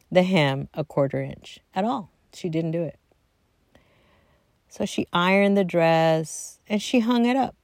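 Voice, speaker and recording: A middle-aged woman casually telling a personal family story, chatty and animated, acting out quotes and dropping into soft asides. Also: mid-range voice, slow pace, pauses often, dry recording.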